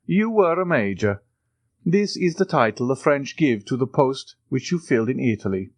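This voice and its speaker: A composed count speaks in a measured, assured tone, his pitch a little lifted and moving freely, as a male audiobook narrator voices him. The recording is close and dry. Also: expressive, no echo.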